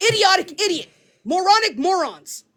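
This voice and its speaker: Young woman streamer with a high, animated voice, spitting profane insults in a live rant. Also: normal speed. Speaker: livestreamer.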